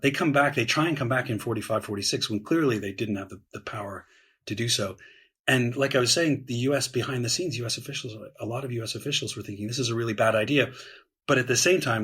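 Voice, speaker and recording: Man, podcast guest historian, husky voice, lowish pitch, measured explanatory talk. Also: fairly bright tone. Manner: explanatory, measured, with frequent "um" and "right?".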